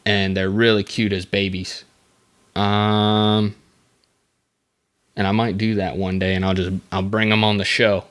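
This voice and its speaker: A man's voice: lowish voice, level tone, a little slow, long pauses, fairly bright tone, clear, resonant tone. A man hosting a casual solo podcast, rambling through the topic with jokey asides and self-mocking comments. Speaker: podcast host.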